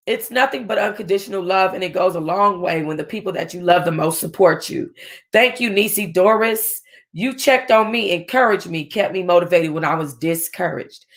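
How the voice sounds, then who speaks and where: A woman reading a novel aloud in an expressive way, with chatty asides to her listeners. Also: fairly low pitch, normal speed. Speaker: audiobook reader.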